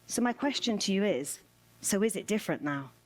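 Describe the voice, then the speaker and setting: A woman delivering a spoken word performance in a measured, rhythmic way, returning to repeated refrains. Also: medium pitch, lively intonation, a little mellow. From United Kingdom.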